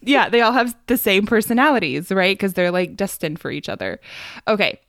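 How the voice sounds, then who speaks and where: A woman's voice: mid-range voice, expressive, fairly quick, no room sound, studio quality. A woman in casual podcast chat, talking at length and laughing often. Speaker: podcast co-host.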